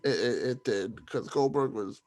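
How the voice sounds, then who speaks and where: A young podcast co-host rambles casually about wrestling, with lots of fillers and restarts. His voice is medium-pitched and a little mellow, at a moderate pace.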